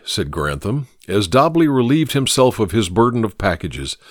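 A man reading a story aloud in measured, expressive narration. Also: on the low side, no room sound, clean studio sound.

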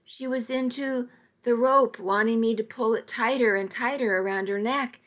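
A woman's voice: a little high, moderate pace, fairly bright tone, close to an everyday voice. A woman voicing a panicked young man in shock who stammers frantically in an audiobook story.

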